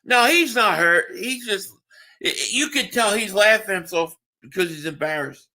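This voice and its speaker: A man's voice: high-pitched, animated, normal speed, pushed and bright. A man hosting a live stream, chatting casually and answering viewers' comments while tired from just waking up. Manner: reads chat aloud and answers viewers, with restarts.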